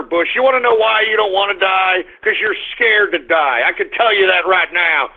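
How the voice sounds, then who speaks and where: A man's voice: high-pitched, animated, measured pace. A man hosting a radio show, ranting angrily and profanely between blunt market reports. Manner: angry, profane ranting with abrupt swings into shouting. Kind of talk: ranting talk radio monologue. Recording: narrow phone-line sound.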